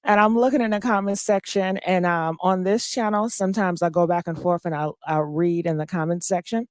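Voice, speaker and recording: A woman hosting a casual live-stream gossip commentary, just woken up and low on energy, chatting directly to her viewers with plenty of fillers. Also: steady tone, a little fast, dry recording, clean studio sound.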